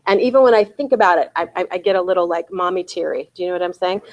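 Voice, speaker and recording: A woman's voice: fairly low pitch, racing, dull audio. A woman in her forties giving a real estate sales bootcamp talk, often asking her audience "right?" and "okay?".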